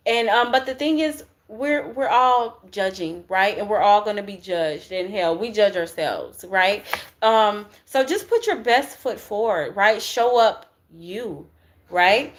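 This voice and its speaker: A woman's voice: medium pitch, fairly bright tone. Chatty woman giving a tarot reading. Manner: chatty and slangy, with frequent "right?" and cussing. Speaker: tarot reader. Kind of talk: casual spiritual tarot reading.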